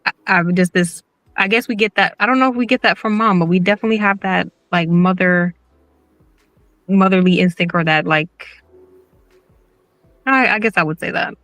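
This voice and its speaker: A woman's voice: fairly low pitch, normal speed, pauses often, fairly bright tone, no room sound, soft background music. A woman from New York with a slight Southern twang, a guest in a casual chat who rambles, loses her thread and restarts her sentences.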